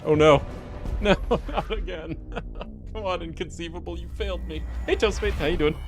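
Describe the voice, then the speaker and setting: A man's voice: high voice, normal speed, soft background music. A man streaming a video game, chatting casually with his viewers, reading their messages aloud and laughing often. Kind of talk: casual live-stream chat.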